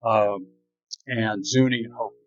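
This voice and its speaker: A man telling local history in a relaxed, plain-spoken way, outdoors. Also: lowish voice, measured pace, highs cut off. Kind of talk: casual storytelling.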